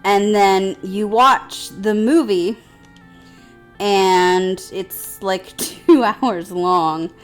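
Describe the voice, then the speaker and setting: A woman's voice: mid-range voice, very slow, soft background music. A woman co-hosting a casual gaming chat, rambling through a story and laughing often. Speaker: let's play co-host.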